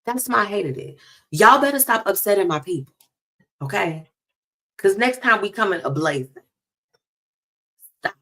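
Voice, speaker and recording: A woman hosting a radio talk show, chatting in a lively, casual way and speaking straight to her listeners. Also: mid-range voice, measured pace, long pauses. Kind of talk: casual chat segment.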